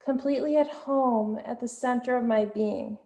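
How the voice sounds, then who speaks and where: A woman leads a yoga class with slow, soothing instructions and gentle pauses between cues. Her voice sits a little high. The sound carries an echo, as in a bare room. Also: vocal fry.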